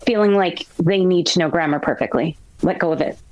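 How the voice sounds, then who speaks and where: A woman being interviewed as a grammar expert, telling lively classroom stories. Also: fairly low pitch, brisk, dry recording, poor audio. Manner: storytelling, animated quotes. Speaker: guest, grammar expert and author. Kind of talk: interview conversation.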